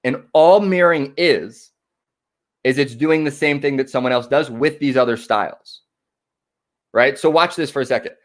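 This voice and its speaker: A man's voice: mid-range voice, normal speed. A man giving a motivational talk on connection as a workshop presenter. He ends nearly every sentence with "right?" and acts out short conversations. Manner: acts out small dialogues in shifting voices.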